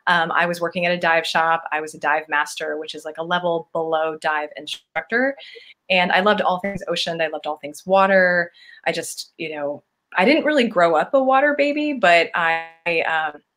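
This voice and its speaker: A woman's voice: fairly low pitch, normal speed, fairly bright tone. A woman in her forties, a podcast guest, telling stories casually with lots of fillers and restarts. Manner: rambling with many fillers and restarts. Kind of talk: casual conversational storytelling.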